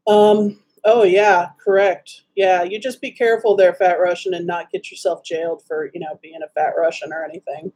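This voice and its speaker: A woman's voice: on the low side, steady tone, moderate pace, few pauses, a little mellow, slightly rough. A woman from Wisconsin chatting casually on a livestream, greeting viewers by name and making snarky asides.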